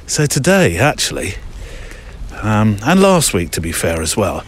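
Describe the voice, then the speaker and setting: A somewhat low-voiced man talks easily as he walks outdoors, rambling a little and reading listener emails aloud. He sounds like a podcast host speaking into a handheld recorder. Faint outdoor ambience sits behind him. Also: sing-song, unhurried, a little hiss or hum. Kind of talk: walking podcast narration. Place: outdoors on a country walk.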